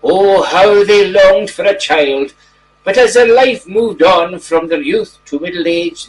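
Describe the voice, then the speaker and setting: A man playing a genteel titled gentleman reading a mock bedtime story to children in a gentle, drawn-out way. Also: sits high. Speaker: storybook reader. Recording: distant mic, faint background noise.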